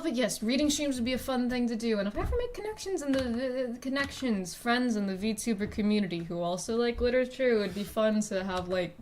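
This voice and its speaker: A woman's voice: fairly high pitch, a little mellow, slight background noise. A woman streamer chatting casually while drawing, rambling and self-deprecating, swearing freely. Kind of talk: casual live-stream chat.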